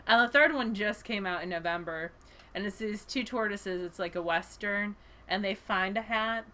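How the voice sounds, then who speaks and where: A woman co-hosting a casual chat show, an animated storyteller who laughs often and acts out the lines she quotes. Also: medium pitch, normal speed. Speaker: podcast co-host, school librarian.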